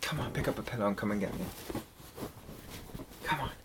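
A man's voice: lowish voice, expressive, a little fast, creaky, heavy background noise. A man in a whispered role-play as a boyfriend, playful and teasing, laughing often.

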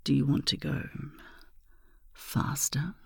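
Brief: whispered role-play, husky gravelly voice, unhurried teasing delivery, dry close sound. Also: medium pitch, little pitch movement, dry recording. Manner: slow, teasing, breathy murmuring with sudden loud moans. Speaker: erotic audio performer.

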